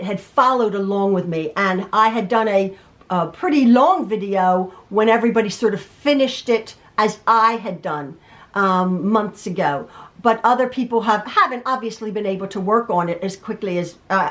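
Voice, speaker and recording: A woman's voice: mid-range voice, fairly bright tone. A middle-aged woman, a quilting teacher, chatting casually from her home sewing room as she reads out viewer emails, rambling, restarting and laughing.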